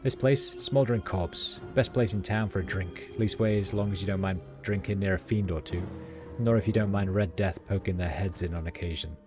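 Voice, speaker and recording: A man streaming a game reads its dialogue and narration aloud, voicing every part in his own casual, plain voice with ums and uhs. His voice is low and steady, a little fast, and music plays behind him.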